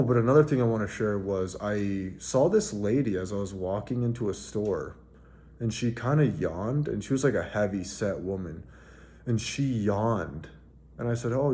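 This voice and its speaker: A man's voice: deep voice, dark tone, a little hiss or hum. A man vlogging a casual story, rambling along with plenty of fillers and restarts. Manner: rambling, filler-heavy with frequent "like".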